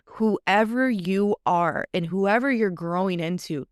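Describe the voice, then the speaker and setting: A woman's voice: medium pitch, unhurried, hardly any pauses, smooth, no room sound, clean studio sound. A woman co-hosting a podcast, talking in a passionate, emphatic way and repeating phrases to drive points home. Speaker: podcast co-host. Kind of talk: casual podcast chat.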